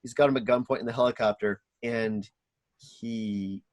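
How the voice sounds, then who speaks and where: A man's voice: mid-range voice, steady tone, no room sound. Man rambling through a movie recap. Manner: rambling, acts out scenes in quick voices. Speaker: podcast co-host. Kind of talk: casual chat recapping a movie.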